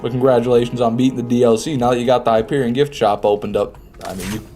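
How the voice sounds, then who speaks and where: A relaxed, mellow-voiced man talks through a live game session, casually answering chat as he plays. His tone is dark and easygoing at a middling pitch. Faint music plays underneath. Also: fast. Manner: chatty, reads and answers chat. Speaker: streamer. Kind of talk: casual live gameplay commentary.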